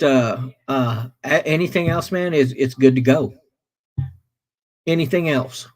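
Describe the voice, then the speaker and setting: A middle-aged man, hosting a casual livestream, talking slowly with many fillers as he greets viewers in chat. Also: a little high, poor audio. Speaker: livestream host reading chat.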